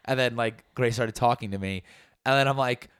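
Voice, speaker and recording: A man's voice: mid-range voice, normal speed, clean tone, no echo. A man co-hosting a casual podcast chat, telling stories with lots of energy and close to the microphone. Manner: animated storyteller, jumps into loud comic voices. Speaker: podcast co-host. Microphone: close studio mic.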